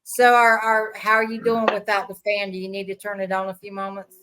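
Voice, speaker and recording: A woman's voice: mid-range voice, flat delivery, a little fast, bright, forceful tone, low-quality recording. A woman hosting a podcast, asking long, winding interview questions. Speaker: podcast host.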